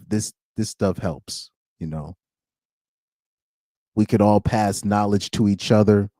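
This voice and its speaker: Young guy hosting a live podcast, rambly, laughs a lot, lowish voice, dry close sound. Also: dark tone, no echo. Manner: rambling, laughs often, lots of fillers. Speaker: podcast host. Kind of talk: live-stream casual chat.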